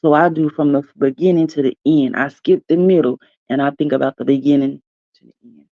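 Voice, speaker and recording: A woman's voice: deep voice, fairly even intonation, a little fast, no echo. A woman hosting a live stream, rambling casually with folksy asides. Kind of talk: casual morning chat. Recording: dry, slightly dull stream audio.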